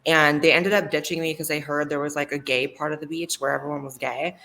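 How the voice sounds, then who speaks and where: A woman's voice: low voice, fairly even intonation, fast, bright, forceful tone, a little hiss or hum. A woman telling a story bluntly and with plenty of swearing in a casual group chat over a video call.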